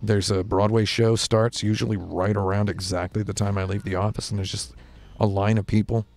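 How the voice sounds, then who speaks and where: Male host, low gravelly voice, deadpan rambling jokes, light music under, small studio. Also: brisk. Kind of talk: casual deadpan interview.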